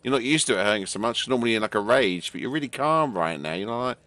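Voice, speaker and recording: A man, tired and hoarse, narrating a tabletop game as game master with casual swearing. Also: medium pitch, quick pace. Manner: swearing, laughing, lively with put-on character shouts.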